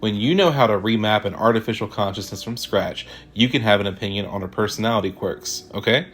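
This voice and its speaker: A man's voice: fairly low pitch, fairly quick, a bit bright, lightly acted. A man voicing an anxious young boy inventor who gets defensive and snaps when criticized. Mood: snapping. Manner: snappish, nervous.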